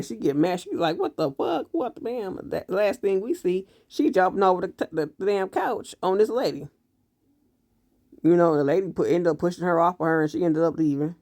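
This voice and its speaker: A man recapping a TV series episode in casual, animated commentary, blunt and full of profanity. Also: on the high side, dry recording, studio quality. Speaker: TV show reviewer.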